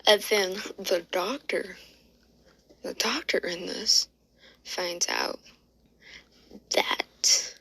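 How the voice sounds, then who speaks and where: A woman tells a fan story in a loose, rambling way, full of fillers and self-corrections. Her voice is bright and sharp, pitched in the ordinary middle range. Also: expressive, slow pace, gravelly, pauses often, slightly rough, dry recording, low-quality recording. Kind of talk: casual fan-story narration.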